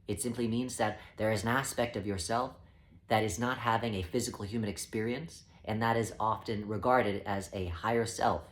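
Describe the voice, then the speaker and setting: A man speaking as a spiritual teacher, explaining ideas in a calm, measured way. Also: on the low side. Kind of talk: spoken teaching talk.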